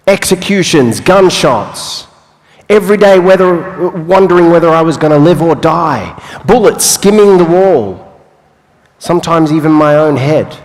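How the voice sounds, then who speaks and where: Male speaker, young adult, motivational talk, unhurried pauses, reverberant hall. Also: fairly high pitch, darkish tone. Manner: dramatic storytelling with long pauses and playful asides. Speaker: speaker telling his life story. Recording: live hall with long reverb.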